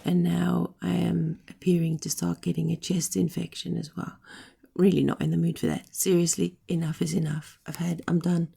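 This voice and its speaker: A middle-aged woman chatting to camera while she recovers, her voice badly hoarse and heavily gravelly with fry. She sounds husky and a little low, runs short of breath and rambles along with apologetic asides. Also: flat delivery, moderate pace, hardly any pauses, mellow. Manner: rambling, apologetic, frequent ums. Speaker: vlogger recovering from illness. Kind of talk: casual chat to camera.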